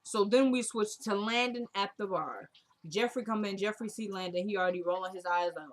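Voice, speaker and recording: A woman casually recapping a TV drama episode, retelling scenes by quoting the characters in a soft murmur. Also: medium pitch, a little fast. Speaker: TV recap vlogger.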